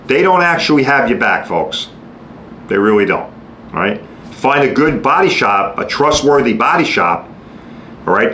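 A man's voice: medium pitch, fairly bright tone. Middle-aged new guy ranting bluntly, swears a lot, roomy echo, bit of hiss. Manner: blunt, salesy, swears freely, keeps asking "all right?". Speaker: podcast host. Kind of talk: casual monologue. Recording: echoey room, faint background noise.

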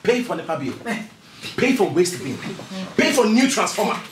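A man's voice: sits high, very animated, normal speed. Guy doing a gossipy nigerian church husband, voice jumps up and down, echoey noisy room. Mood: gossiping. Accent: Nigerian English. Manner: preachy, gossiping, dramatic. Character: jobless churchgoing husband who loves gossip. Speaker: tenant.

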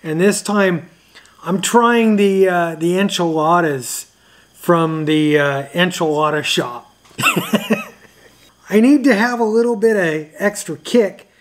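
A man talks casually to camera as host of an amateur radio show. He takes his time, drawing words out slowly, and fills the gaps with uhs. His voice sits a little higher than most men's. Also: a little hiss or hum. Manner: loose and chatty, with frequent uhs. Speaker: ham radio video host.

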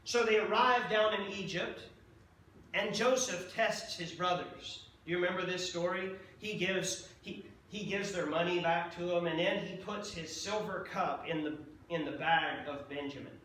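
High, bright-voiced preacher in an echoey church. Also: male voice, moderate pace, distant mic, a little hiss or hum. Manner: conversational preaching with frequent "okay?" checks. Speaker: pastor. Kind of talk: sermon. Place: church sanctuary.

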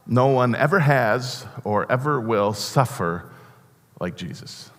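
A man preaching a sermon as pastor, earnest and halting, often restarting his words. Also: mid-range voice, lively intonation, fairly bright tone. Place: church sanctuary. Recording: long church reverb.

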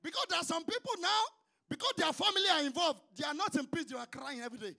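A man leading prayer in a very high, gravelly voice, shouting fervent petitions in a chanting rhythm. His tone is sharp and piercing. Between prayers he drops into quieter exhortation. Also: lively intonation, quick pace. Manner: fervent, chanting repeated calls to the Lord. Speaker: prayer leader.

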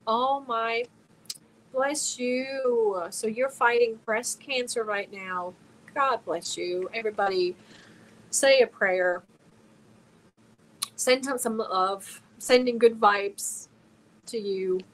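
A woman's voice: a little high, takes it slowly, pauses often, a little hiss or hum, poor audio. Earnest woman hosting a livestream chat. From Germany. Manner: earnest, openly emotional, reads viewer comments aloud. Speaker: crochet channel host.

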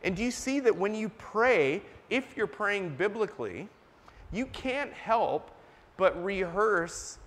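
Preaching earnestly and emphatically in a church sanctuary, a man with a high-side, fairly bright voice stops occasionally to cough. The recording carries a long church reverb.

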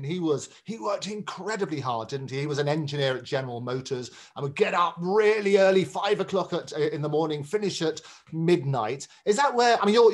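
A man hosting an interview, enthusiastic and often restarting his sentences. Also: fairly high pitch. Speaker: talk show host.

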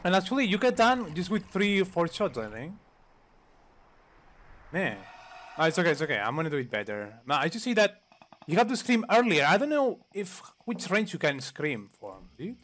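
Young man, online gamer, excitable, shouts and swears, swooping pitch, faint background noise. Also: moderate pace. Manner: excitable, yells for help, curses, says "dude" constantly. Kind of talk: excited gaming commentary.

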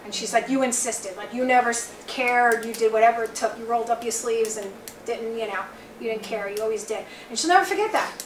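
A psychic reader from Long Island, New York, with a Long Island accent gives a live reading to a small group in a bookstore event room. Her voice is on the high side and fairly quick, chatty and rambling as she relays messages in quotes. The recording is roomy, distant, with faint noise.

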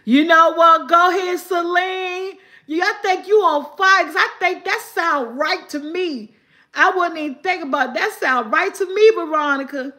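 A woman hosting a casual live stream, reading riddles from her chat aloud, repeating them slowly and laughing often. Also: extremely high pitch, sharp tone.

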